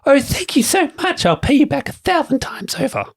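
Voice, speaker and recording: A man voicing a grateful young maiden in a storybook-style adventure, in a high, gushing falsetto. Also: big pitch swings, brisk, exaggerated voice.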